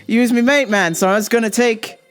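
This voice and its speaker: A woman from the United States hosting a casual podcast, animated, laughing often and swearing freely. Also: a little high, brisk, clear, resonant tone, faint music behind. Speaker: podcast host.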